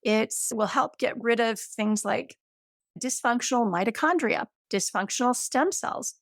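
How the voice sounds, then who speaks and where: A woman in her late fifties with a fairly high voice, talking as an interview guest. She explains the science with enthusiasm and everyday comparisons. The sound is dry and close, with no room echo. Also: a little slow, fairly bright tone. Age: 50s.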